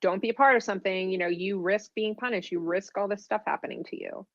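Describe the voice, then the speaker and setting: A middle-aged woman guest telling her story in an animated, rambling way, full of fillers and restarts. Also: mid-range voice, quick pace, no room sound. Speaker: guest author. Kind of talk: casual storytelling interview. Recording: dull, dry remote audio.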